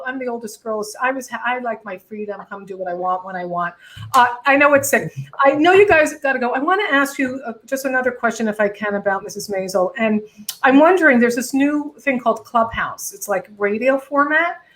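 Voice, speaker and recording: A woman hosting a casual video chat with comedian friends, joking with dark humor. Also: fairly high pitch, lively intonation, a little fast, poor audio. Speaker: host.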